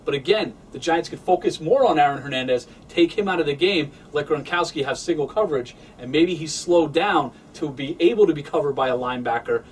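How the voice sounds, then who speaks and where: A man's voice: a little high, brisk, hardly any pauses, far from the mic, slight background noise. Young man breaking down football. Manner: steady, analytical. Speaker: sports show host. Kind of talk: sports analysis chat.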